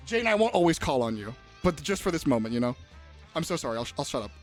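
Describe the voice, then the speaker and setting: Streamer, casual chat, very animated pitch, giggly and foul-mouthed, soft music under. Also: quick pace. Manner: rambling, giggly, swears freely. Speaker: livestreamer.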